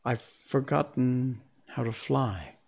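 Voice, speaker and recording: Man voicing a gentle grown woman, soft and hesitant, faint, slow storybook delivery. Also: mid-range voice, creaky, breathy edge, exaggerated voice.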